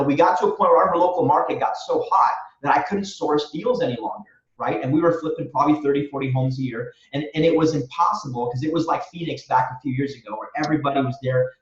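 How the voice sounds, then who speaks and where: A man's voice: on the high side, reverberant, far from the mic, muffled recording. A man guest on a podcast, answering in an earnest, motivational way and repeating phrases for emphasis. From Romania. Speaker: guest, real estate wholesaler.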